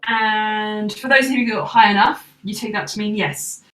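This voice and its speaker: A woman narrating as game master of a tabletop game in a relaxed, casual way. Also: medium pitch, normal speed, soft background music. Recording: echoey room, far from mic.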